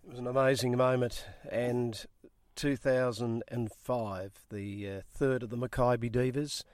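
A man's voice: medium pitch, steady tone, a little slow, a little mellow, dry recording. A man hosting an interview, speaking in an appreciative way to his guest. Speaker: podcast host.

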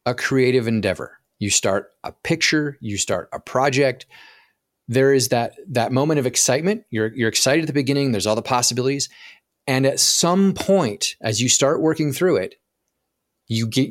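A man's voice: medium pitch, animated, normal speed, no echo, clean studio sound. A man speaking as a podcast guest who explains with animation, acting out inner voices and often stumbling and restarting his sentences. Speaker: podcast guest, profit coach. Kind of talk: podcast interview conversation.

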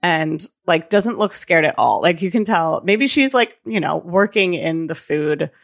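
Woman co-host, casual chat; low, gravelly, very lively delivery. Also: measured pace. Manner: animated retelling with quoted voices and frequent laughs. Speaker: podcast co-host.

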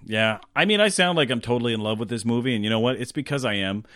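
A man with a mid-range voice talks about movies in a relaxed, rambling manner, leaning on fillers and quick agreement. The recording is dry and close, without room sound. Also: mid-range voice, no room sound. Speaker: podcast co-host. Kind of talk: casual movie commentary chat.

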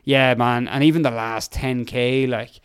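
An Irish man spins a long, rambling yarn in casual podcast chat, animated and loaded with "like" and quoted asides. His voice is smooth and clear, recorded close and dry with no room sound. He sits at an everyday middle pitch. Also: a little slow, no room sound. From Ireland. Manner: animated, rambling, full of fillers and acted quotes. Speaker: podcast guest, endurance mountain biker.

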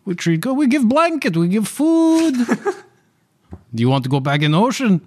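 A man voicing a nervous ship captain who speaks in halting, broken phrases. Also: high voice, big pitch swings, darkish tone, pitched above the performer's own voice, heavily acted. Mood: nervous evasive.

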